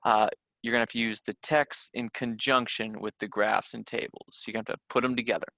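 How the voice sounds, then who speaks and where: Bright-voiced man teaching test prep. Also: fairly low pitch, level tone, fairly quick, creaky, dry recording. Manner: conversational, with frequent fillers and restarts. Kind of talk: recorded test-prep lesson.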